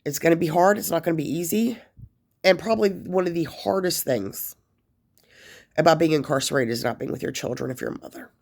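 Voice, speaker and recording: A woman's voice: low voice, fairly quick, gravelly, darkish tone. A woman vlogger giving casual advice to camera, rambling with many fillers and restarts, and emotional enough to be near tears at times. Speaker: vlogger sharing life after prison.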